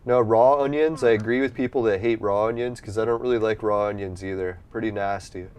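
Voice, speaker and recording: A man's voice: fairly low pitch, fairly even intonation, a little fast, darkish tone, smooth. Profane, rambling male gamer. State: runny nose from allergies. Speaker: gameplay streamer. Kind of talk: casual gameplay commentary.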